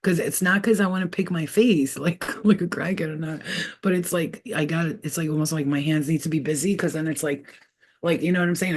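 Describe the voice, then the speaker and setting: Animated, slangy woman giving a reading. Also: deep voice. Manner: expressive, animated, slangy, laughs often. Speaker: tarot reader. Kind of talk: casual spiritual reading chat.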